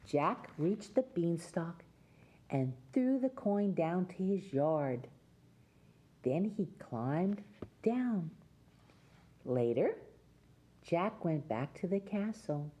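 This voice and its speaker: Gentle slow-talking woman reading to children. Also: on the low side, very animated. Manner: gentle, sing-song, addresses children. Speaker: children's show host.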